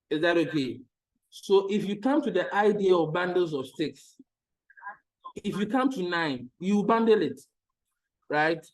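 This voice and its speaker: Patient male maths teacher, higher voice. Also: rough recording. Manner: patient, repeats steps and checks understanding. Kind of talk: online maths lesson.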